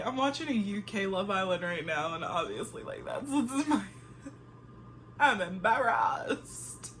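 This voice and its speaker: A woman chatting to camera in an animated way, reviewing a reality show and laughing often. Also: mid-range voice, slight background noise. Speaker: vlogger reviewing TV shows. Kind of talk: casual chat to camera.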